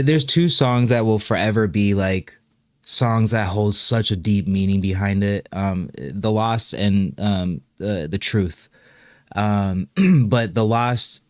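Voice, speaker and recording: Halting young man, low dry voice. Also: no echo. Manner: halting, with many fillers and restarts. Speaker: musician and channel host being interviewed. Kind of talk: emotional personal interview.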